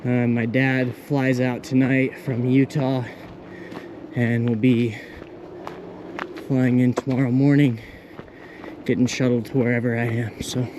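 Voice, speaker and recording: A man's voice: mid-range voice, little pitch movement, unhurried, pauses often, noisy background. A young man vlogging casually while hiking outdoors on a rural trail, rambling and easily delighted, talking into a handheld camera. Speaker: thru-hiker vlogger.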